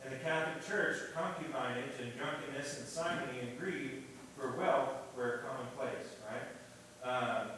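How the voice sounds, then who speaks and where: A man's voice: mid-range voice, a little slow, a bit bright. A man teaching a church history class in a casual lecturing way, often checking in with "right?". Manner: casual, keeps asking "right?". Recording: echoey room, distant mic, faint hiss.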